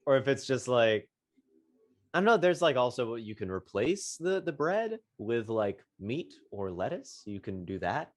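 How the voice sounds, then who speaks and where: A young man co-hosting a podcast, chatting casually and joking freely. His pitch swings widely, leaping into high squeals when he's amused. The talk is loose and playful. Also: big pitch swings, a little slow. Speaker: podcast co-host. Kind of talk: casual chat.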